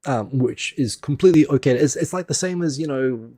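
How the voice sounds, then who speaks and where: A man's voice: mid-range voice, brisk, dark tone, no room sound, clean studio sound. A middle-aged man hosting a casual live stream, rambling and laughing at himself as he chats through topics. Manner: rambling, self-deprecating, laughs often.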